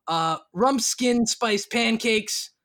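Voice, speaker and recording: A sly, wisecracking tavern barkeep, put on by a man in a tabletop game, talking up shady dishes with a deadpan grin. His voice sits a bit higher than a plain speaking voice and has a bright, sharp edge. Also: drawn-out words, heavily acted. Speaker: barkeep character.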